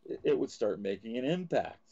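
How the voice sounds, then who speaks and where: A man's voice: lowish voice, very animated, brisk, mellow, highs cut off. A man hosting a live talk show from Canada, ranting and swearing as he gets angry. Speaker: host.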